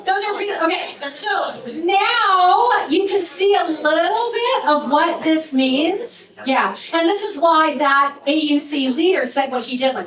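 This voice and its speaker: A woman presenting her research to an audience in a lecture, chatty and playful, with quick asides. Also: very high voice, lively intonation, a bit bright. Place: lecture hall. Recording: echoey hall from a distance.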